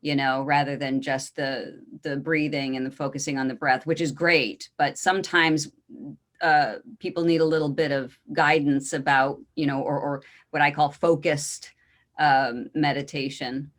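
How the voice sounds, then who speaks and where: A woman hosting an interview podcast, a therapist who talks thoughtfully with many pauses and "um"s. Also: low-pitched, flat delivery. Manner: thoughtful, rambling, many "um"s and restarts. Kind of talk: casual interview chat.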